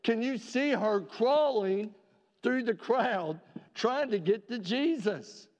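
Male pastor, fairly high voice, earnest sermon delivery, dull reverberant sanctuary sound. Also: animated, darkish tone. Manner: earnest preaching with rhetorical questions, slowing for emphasis. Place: church sanctuary. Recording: dull reverberant church recording.

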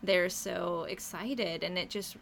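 A woman talking with bubbly enthusiasm about her work, her voice carrying a creaky, gravelly edge. She fills her talk with "um" and "you know" and laughs easily. Faint noise sits under the recording. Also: fairly low pitch, slow pace, fairly bright tone. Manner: enthusiastic, laughs often, many fillers. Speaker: muralist guest. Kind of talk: casual interview chat.

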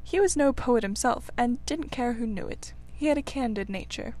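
A woman narrating a classic children's story aloud in a gentle, measured reading voice. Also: medium pitch. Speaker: audiobook reader.

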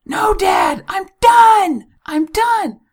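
A man voicing a three-year-old girl who shouts insistently for her dad. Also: very high-pitched, animated, very slow, voice pushed up, exaggerated voice. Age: child voice.

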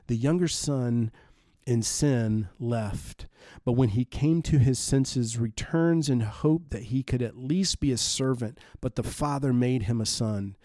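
A male pastor delivers a sermon in a mellow, relaxed voice at a middle pitch. He speaks earnestly and measuredly, slowing down to press home important lines. The sound is dry and close. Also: no echo.

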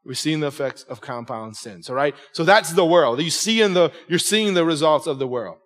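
A man in his forties preaching a sermon with a slightly raised pitch, his words landing with conversational emphasis. He keeps checking in with the congregation. A long church reverb trails after each phrase. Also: lively intonation, normal speed, fairly bright tone. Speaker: pastor.

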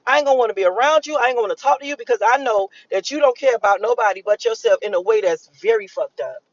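With a rapid-fire delivery on the high side, a vlogger talks to camera about a spiritual channeling reading in a casual monologue. She's rambling, emphatic, and profane, repeating herself, and the recording is muffled with no echo.

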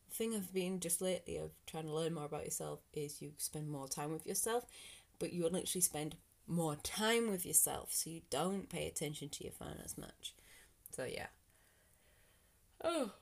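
A British woman with a somewhat low voice hosts her own podcast alone. She talks in an earnest, rambling way and encourages the listener. At times her voice sinks to a near whisper. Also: moderate pace, gravelly. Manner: earnest, rambling, motivational, sometimes drops to a whisper. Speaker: podcast host. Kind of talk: reflective solo podcast monologue.

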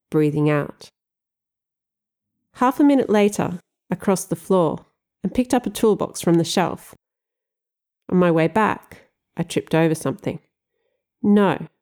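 A woman with a lowish voice narrates an audiobook in the first person, telling the story in a wry, expressive way.

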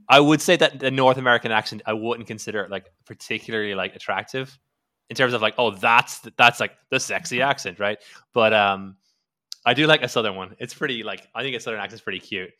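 A man's voice: medium pitch, brisk, sharp tone. A man, a podcast co-host, talking in casual chat, rambling with many fillers and restarts. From Ireland.

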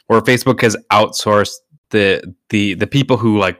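A man with a lowish, fairly bright voice speaks at a moderate pace, recorded at studio quality with no echo. He co-hosts a podcast, chatting in a casual, rambling way full of filler words.

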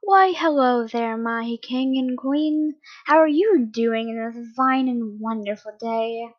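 A woman's voice: high-pitched, highs cut off, natural voice. A woman putting on a smug, taunting male villain. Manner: mocking, drawn-out taunting.

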